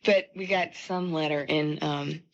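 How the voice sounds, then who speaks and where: A woman with a low voice and a measured pace chats casually in a radio interview, telling stories about her touring singing group and laughing often. The 1970 broadcast recording sounds muffled.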